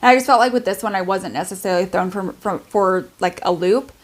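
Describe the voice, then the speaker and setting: A woman's voice: medium pitch, a little fast. Chatty young woman reviewing books. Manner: chatty, lots of "like" fillers. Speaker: book vlogger. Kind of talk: casual book review vlog.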